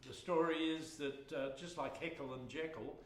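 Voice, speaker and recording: A man's voice: a little high, steady tone, moderate pace, a little hiss or hum. A man, a folk singer and storyteller, spinning humorous, rambling yarns between songs on a live stage. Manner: rambling, humorous, chatty with fillers. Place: live music hall. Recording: roomy live hall with accordion.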